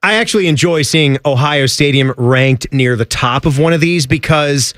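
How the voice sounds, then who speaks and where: A man's voice: a little high, fairly bright tone, no echo, clean studio sound. A man hosting a sports talk show, chatty and teasing in casual banter. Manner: chatty, teasing, quick asides. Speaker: host.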